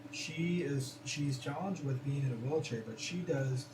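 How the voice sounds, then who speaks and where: An earnest man hosting a casual talk, thoughtful and often restarting his sentences. He sits away from the mic in a roomy space, and clear background noise runs under his voice. His pitch is in the middle of the male range. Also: measured pace, recorded from a distance. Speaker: host. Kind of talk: casual podcast conversation.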